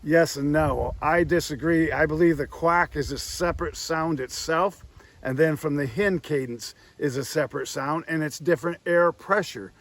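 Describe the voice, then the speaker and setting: In a rough recording, a man with a fairly high voice teaches duck calling at a normal speed. His instructional demonstration is plainspoken, and he often repeats himself while explaining.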